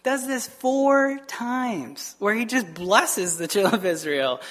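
A male pastor preaching a casual, animated sermon, retelling scripture with frequent "right?" asides and quick laughs. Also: high voice.

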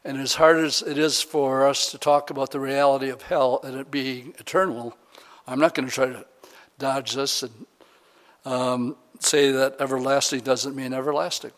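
A man's voice: medium pitch, fairly even intonation, normal speed, a bit bright. Man preaching a sermon in a reverberant hall. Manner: reads scripture aloud with rising emphasis. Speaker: pastor.

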